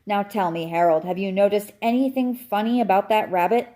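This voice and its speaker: A woman's voice: mid-range voice, steady tone, a little fast, mellow, close to an everyday voice. A woman voicing a smug, know-it-all male house cat who lectures in a cool, condescending way. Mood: lecturing. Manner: coolly explaining, condescending.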